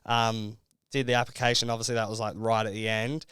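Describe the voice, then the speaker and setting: A man's voice: lowish voice, level tone, a little fast, a bit bright, clear, resonant tone, no room sound, studio quality. A young Australian man and reality show contestant, telling his story in a casual podcast interview, rambling with lots of fillers.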